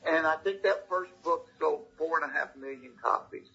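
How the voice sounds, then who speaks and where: Speaking a little high at a moderate pace, this middle-aged comedian guest has a creaky, husky voice with a sharp tone and a heavy Georgia drawl. He relates a story for the interview in a warm, folksy manner, and the lo-fi recording sounds slightly dull.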